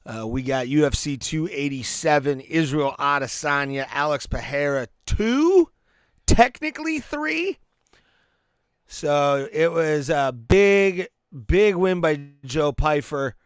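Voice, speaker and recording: A man's voice: on the high side, animated, a little slow, hardly any pauses, smooth, dry recording, studio quality. A man hosting a live stream, giving laid-back play-by-play and reactions to fights, with fillers and restarts. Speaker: podcast host.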